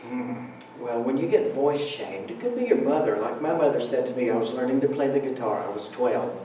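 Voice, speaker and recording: During a Sunday talk in a church sanctuary, a man speaks briskly and animatedly in a mellow, medium-pitched voice, telling humorous stories conversationally with laughs. He stands far from the microphone in the roomy hall, and there's a little hiss or hum.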